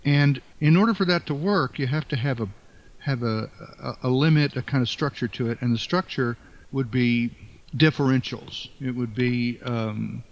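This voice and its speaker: An older man being interviewed as an author, speaking in a halting, thoughtful way with many fillers and restarts. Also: medium pitch. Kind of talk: reflective interview talk. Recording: dull lo-fi sound.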